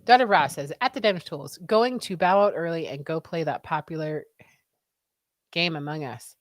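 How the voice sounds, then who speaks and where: A woman's voice: low-pitched, normal speed, dry recording, studio quality. A woman co-hosting a casual livestream, chatting and reading viewer comments aloud. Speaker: livestream co-host reading chat. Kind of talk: casual chat.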